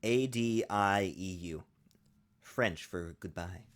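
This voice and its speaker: A man with a somewhat low voice co-hosts a laid-back podcast. He trades jokes with a dry, deadpan delivery, talking into a remote call mic. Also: takes it slowly. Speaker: podcast co-host. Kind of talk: casual chat.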